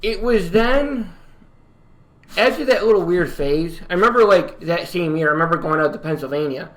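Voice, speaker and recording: A young man from upstate New York telling a personal story in a casual vlog, rambling and halting with many fillers and restarts. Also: sits high, expressive, fairly bright tone. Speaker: YouTuber.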